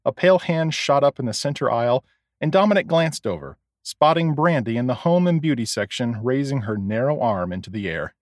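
A man narrating a story as an audiobook, expressive storytelling. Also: mid-range voice, brisk, dry recording, clean studio sound.

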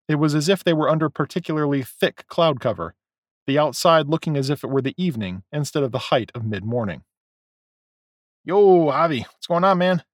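An expressive male audiobook narrator reads scripted narration in a mid-range voice. The sound is clean studio audio with no echo.

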